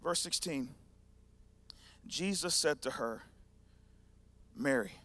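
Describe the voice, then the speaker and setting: Animated man preaching a sermon. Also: high-pitched, moderate pace. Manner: animated storytelling, acting out scenes. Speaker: pastor.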